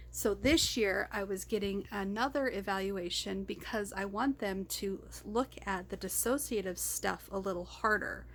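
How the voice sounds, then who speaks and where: A woman's voice: mid-range voice, creaky, fairly bright tone. A woman talking to her camera in an unscripted video diary, rambling and distracted, often breaking into laughter. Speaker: vlogger.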